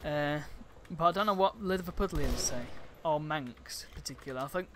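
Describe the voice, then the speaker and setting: A man's voice: on the high side, moderate pace. A man with a Yorkshire accent gives casual, rambling gameplay commentary full of sarcastic asides. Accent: Yorkshire English. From Yorkshire, England. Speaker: game streamer. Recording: game audio and noise behind voice. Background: game ambience and gunfire.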